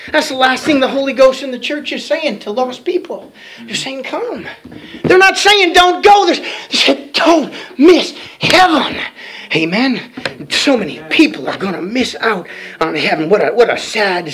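A man's voice: extremely high pitch, a bit bright. A man preaching, homespun and familiar, talking to the congregation as brother. He drops in amens and slips into singing hymn-like lines. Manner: folksy, calls listeners brother, frequent amens, sings hymn-like lines. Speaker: pastor. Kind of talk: sermon.

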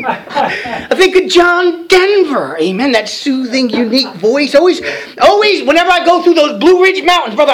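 A man's voice: very high-pitched, a bit bright. A man preaching, homespun and familiar, talking to the congregation as brother. He drops in amens and slips into singing hymn-like lines. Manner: folksy, calls listeners brother, frequent amens, sings hymn-like lines. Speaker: pastor. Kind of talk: sermon.

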